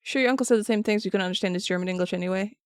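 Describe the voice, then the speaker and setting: A woman with a medium-pitched, clean-toned voice talks very fast in clean studio sound with no room noise. Streaming while she sculpts and paints, she chats casually and rambles, answering viewers and restarting her sentences often.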